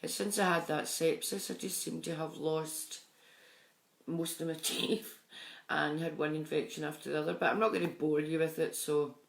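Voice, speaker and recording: A woman's voice: sits low, steady tone, normal speed, gravelly. Chatty woman in an echoey room. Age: middle-aged. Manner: chatty, affectionate, greets viewers by name. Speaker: psychic medium streaming live. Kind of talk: casual live-stream chat greeting viewers.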